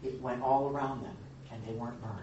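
A man leading an informal Bible study, teaching in a rambling, halting way with many restarts and fillers. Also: medium pitch, steady tone, mellow, slight background noise. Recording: distant, echoey, lo-fi room recording.

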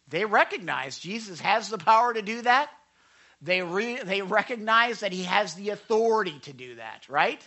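A man delivering a lively sermon to a youth group, his voice bright and fairly high for a man. He talks into a microphone, stresses key points, and keeps asking his listeners whether they follow. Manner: lively, emphatic, checks in with listeners. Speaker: pastor teaching a youth group. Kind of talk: animated sermon.

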